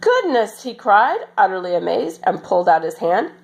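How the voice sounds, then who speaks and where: Expressive woman reading a children's story. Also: fairly low pitch, moderate pace, creaky, rough recording. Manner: expressive, animated.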